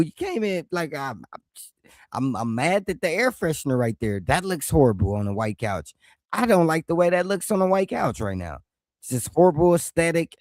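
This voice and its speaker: A man streaming his reaction to a podcast, heckling the people on screen with loud, mocking outbursts. His voice sits a little high, and the sound is close and dry. He wears a headset. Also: sing-song, moderate pace, no room sound.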